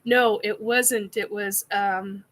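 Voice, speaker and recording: A woman's voice: medium pitch, steady tone, slow pace, fairly bright tone. A woman hosting a casual live chat, giddy, laughing often and swearing while she answers comments. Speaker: live stream host. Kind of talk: casual live chat reacting to a painting video.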